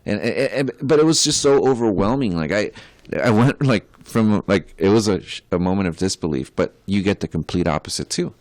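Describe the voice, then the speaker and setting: A man's voice: fairly low pitch, expressive, brisk, a little mellow, no echo. A young adult man, a podcast co-host and musician, chatting casually in a rambling, profane way with many filler words.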